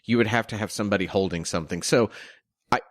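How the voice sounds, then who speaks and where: A man's voice: on the low side, quick pace, no room sound, studio quality. A man co-hosting a podcast in casual chat, picking apart film details as he thinks aloud. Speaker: podcast co-host.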